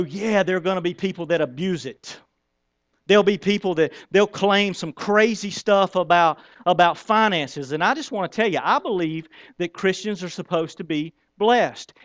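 A man preaching a sermon in an animated, conversational storytelling manner. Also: sits high, moderate pace, no room sound. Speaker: pastor.

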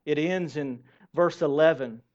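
High-voiced male pastor preaching. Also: measured pace. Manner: animated preaching with rhetorical questions to the congregation. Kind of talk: sermon. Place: church. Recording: dull lo-fi sermon recording.

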